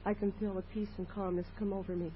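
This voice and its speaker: A woman's voice: medium pitch, flat delivery, fast. A woman tells her story at a recovery meeting, earnest and plain in her telling. The recording is muffled, with a faint hiss from an old 1980s tape. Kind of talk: personal sharing at a meeting.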